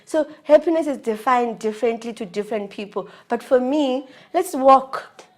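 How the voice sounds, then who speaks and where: A woman with a South African accent, a vlogger candidly telling a personal story in a slangy, animated way. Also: on the high side, moderate pace.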